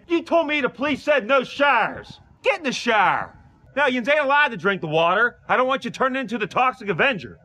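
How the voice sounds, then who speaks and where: A man playing a gruff middle-aged Pittsburgh dad with a Pittsburgh accent, complaining and sarcastically nagging his family in a comedy clip. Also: high-pitched, bright, forceful tone, full character voice. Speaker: comedy character.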